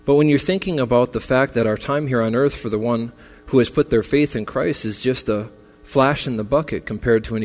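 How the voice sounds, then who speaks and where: A man preaching a memorial sermon as pastor, earnest and consoling, his voice building in intensity. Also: mid-range voice. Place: church sanctuary. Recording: long reverb with faint music.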